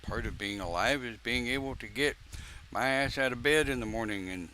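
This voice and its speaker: An older man, a pagan minister, giving a folksy, informal live-stream sermon with joking asides and long pauses; his voice sounds croaky. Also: medium pitch, sharp tone, a little hiss or hum.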